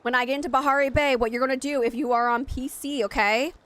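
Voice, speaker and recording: A woman's voice: sits high, fairly even intonation, fast talker, a bit bright. A young adult woman streaming a game, chatting casually and rambling straight to her viewers. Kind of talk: casual live-stream chat.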